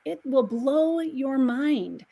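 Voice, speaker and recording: A woman guest on a podcast, telling stories in an animated way. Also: high voice, very slow, creaky. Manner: animated storyteller. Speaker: guest numerologist. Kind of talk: podcast conversation.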